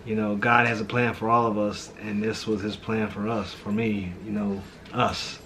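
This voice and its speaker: A man's voice: lowish voice, flat delivery, moderate pace, fairly bright tone, slight background noise. Heartfelt man in a casual reflective chat. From St. Louis. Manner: heartfelt, says "man" and "you know" often. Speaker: pastor and vlog host.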